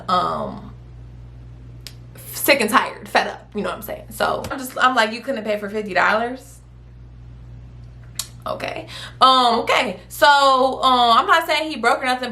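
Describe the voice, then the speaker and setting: A woman recounts a bad trip in a loose, casual storytime. Her delivery is blunt and full of swearing, with a steady edge of exasperation. She keeps dropping into quick impressions of the people she's quoting. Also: fairly high pitch. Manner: blunt, profane, exasperated retelling; quotes people in acted voices. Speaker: vlogger.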